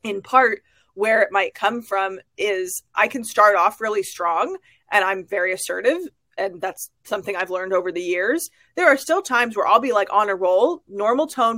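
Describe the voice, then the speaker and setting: A woman's voice: medium pitch, fairly bright tone, dry recording. A woman therapist co-hosting a relationship podcast, talking earnestly about her own experience in casual advice chat.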